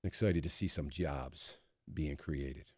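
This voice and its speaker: A man's voice: a bass voice, measured pace, a little mellow, breathy edge, no room sound, clean studio sound. A man hosting a talk radio show, giving emphatic, conversational commentary full of fillers and restarts. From United States. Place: radio studio.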